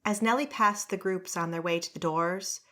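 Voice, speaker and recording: Low-voiced woman narrating a fantasy audiobook. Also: normal speed, pushed and bright. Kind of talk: scripted narration.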